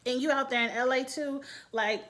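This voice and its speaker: Blunt chatty woman, higher voice. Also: fairly even intonation, normal speed, fairly bright tone. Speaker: reality TV reviewer. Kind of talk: casual opinionated commentary.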